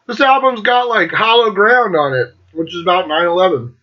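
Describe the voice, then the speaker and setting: A man hosting his own metal show, chatting casually and sarcastically with lots of swearing, clearing his throat now and then. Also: high-pitched, moderate pace, highs cut off. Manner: profane, sarcastic, laughs often. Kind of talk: casual solo chat reviewing albums.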